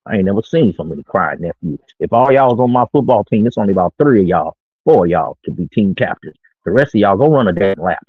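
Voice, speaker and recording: A man's voice: fairly low pitch, animated, fast talker, husky, no room sound. A middle-aged man streaming from his own small studio, talking brash, boastful, slangy street talk in a casual monologue. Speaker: streamer giving dating talk. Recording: tinny phone-like line.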